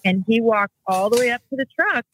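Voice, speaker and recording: A woman's voice: fairly high pitch, animated, brisk, a bit bright, low-quality recording. A woman telling a family story in casual conversation, rambling and correcting herself as she goes. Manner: rambling, self-correcting, acts out quotes.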